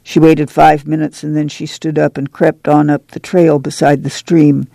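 A man narrating a novel as an audiobook, in a measured, unhurried way. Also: on the high side, flat delivery, vocal fry, mellow, no echo. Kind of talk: scripted narration.

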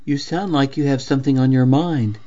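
A man voicing a caring elderly mother who speaks calmly and comfortingly, heard on a dull lo-fi radio reading. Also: mid-range voice, fairly quick, pitched above the performer's own voice, close to an everyday voice. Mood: reassuring. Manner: calm, comforting.

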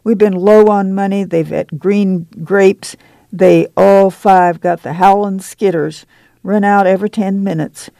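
A meek, whining mother, ashamed and pleading, as a reader puts her on in a storybook reading. The voice rises higher and slower than the narration, with a gravelly, dark and dry sound. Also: fairly even intonation, no room sound, low-quality recording. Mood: timid.

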